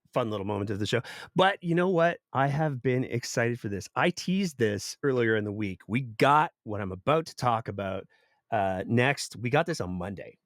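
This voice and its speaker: A man's voice: mid-range voice, a bit bright, no echo, clean studio sound. A man hosting a political commentary podcast, reading news excerpts aloud and adding sarcastic remarks. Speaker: podcast host.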